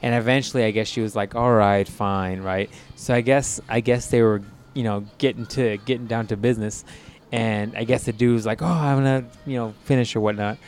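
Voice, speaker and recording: A man's voice: on the low side, steady tone, a little fast, hardly any pauses, darkish tone, slight background noise. A man co-hosting a podcast, telling a crude story in a loose, casual way with frequent laughs and fillers. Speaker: podcast co-host.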